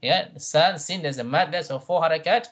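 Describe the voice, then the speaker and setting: A man teaching a Quran reading class, patient, often repeating himself and checking in with "right?", drawing out Arabic words slowly to model them. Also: fairly high pitch, a bit bright. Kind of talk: tajweed revision class.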